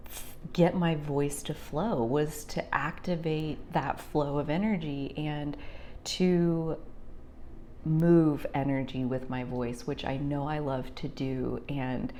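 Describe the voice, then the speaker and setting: A young woman talking through a heartfelt personal reflection, rambling with many fillers and sometimes dropping to a soft near-whisper. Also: sits low, steady tone, slow pace, slight background noise. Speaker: spiritual vlogger.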